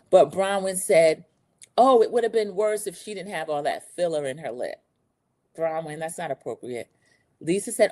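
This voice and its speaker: Woman, middle-aged, lowish voice, chatty, opinionated recap host. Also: warm tone. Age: Gen X, 40s to 50s. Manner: chatty and opinionated, acts out quotes in a raised voice. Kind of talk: casual opinionated commentary.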